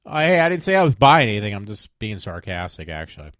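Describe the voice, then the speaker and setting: A man's voice: on the low side, sing-song, quick pace, fairly bright tone, dry recording, clean studio sound. A man hosting his own web show from home, chatting casually with lots of fillers, rambling asides and sarcastic mock pleading. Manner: rambling, many fillers and trailing off. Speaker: podcast host. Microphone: desk microphone at home.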